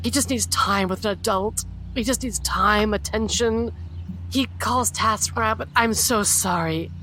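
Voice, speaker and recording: A woman's voice: mid-range voice, measured pace, pushed and bright, a little hiss or hum. A woman playing an apologetic, gushing mother in an improvised comedy scene. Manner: apologetic, gushing, over-the-top.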